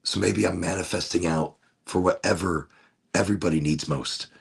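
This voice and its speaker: Gravelly man musing slowly, with sighs. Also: sits low, steady tone. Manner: slow, dreamy and emotional, with many restarts and sighs. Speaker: vlogger. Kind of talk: rambling casual monologue. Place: indoors at home by a window.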